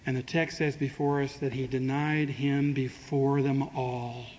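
A man's voice: mid-range voice, little pitch movement, measured pace, darkish tone. A man preaching a sermon in a conversational way, asking his congregation rhetorical questions and acting out quoted speech with dry humor. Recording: long hall reverb, faint ambient noise.

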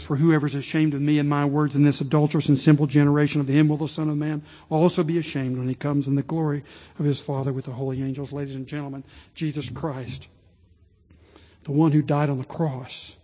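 A man preaching a sermon as pastor, rising to impassioned pleading and dropping low and slow. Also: warm tone. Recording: long reverb of a large hall.

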